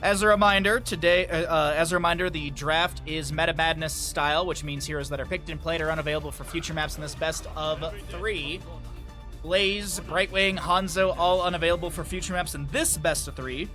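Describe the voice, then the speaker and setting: Upbeat male esports caster, higher pitch, bright edge, chatty stream commentary. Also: fairly even intonation, fairly quick, soft background music. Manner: chatty and upbeat, cowboy-style greetings. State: out of breath.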